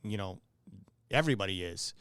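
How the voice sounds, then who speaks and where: A middle-aged man co-hosting a podcast, talking in a measured way with hesitant restarts. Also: deep voice, animated, fairly bright tone, clear, resonant tone, no echo, clean studio sound. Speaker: podcast co-host. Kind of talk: casual podcast chat.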